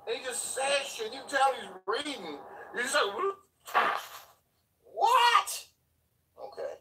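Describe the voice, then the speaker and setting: A man ranting loudly and profanely on a live stream while driving, with sudden yelling bursts. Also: extremely high pitch, a little fast, far from the mic, very noisy. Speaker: commentary streamer. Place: driving in a vehicle. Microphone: phone in hand.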